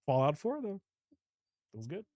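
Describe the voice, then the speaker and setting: Animated high-voiced man in casual chat. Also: moderate pace, dry recording, clean studio sound. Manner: animated, laughs often, swears casually. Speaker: podcast co-host. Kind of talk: casual movie review chat.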